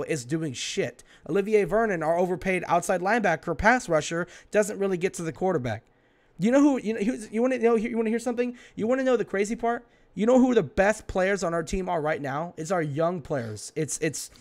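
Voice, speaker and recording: A man hosting a sports podcast, ranting in a fired-up way, swearing and firing off rhetorical questions. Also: high voice. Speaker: podcast host. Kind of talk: heated sports podcast talk.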